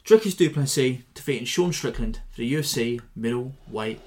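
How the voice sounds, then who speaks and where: A man's voice: medium pitch, animated, moderate pace, darkish tone. Jokey, self-deprecating male podcast host. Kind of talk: casual podcast monologue.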